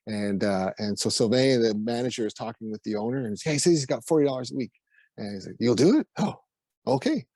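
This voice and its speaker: A man's voice: lowish voice, fast, a little mellow, no echo. A Canadian man with a Canadian accent, a musician guest telling stories in a casual interview and laughing often. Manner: laughs often, acts out quoted voices.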